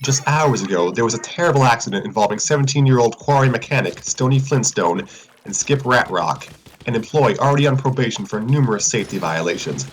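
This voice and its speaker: A man's voice: mid-range voice, expressive, fairly quick, a little hiss or hum, close to an everyday voice, poor audio. A man voicing a female TV news reporter with a newsreader delivery. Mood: formal.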